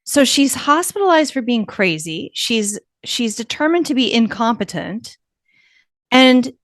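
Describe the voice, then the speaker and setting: A woman hosting a podcast in casual chat, animated and chatty, laughing as she tells stories. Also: fairly high pitch, normal speed, no echo, studio quality. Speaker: podcast host.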